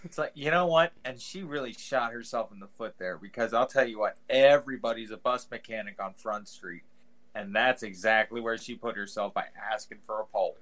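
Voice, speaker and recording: A man's voice: fairly low pitch, brisk, fairly bright tone. A man co-hosting a podcast, talking casually with lots of "like" and playing up mock quotes. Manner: rambling, heavy use of "like", exaggerated mock quotes. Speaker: podcast co-host. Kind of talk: casual chat.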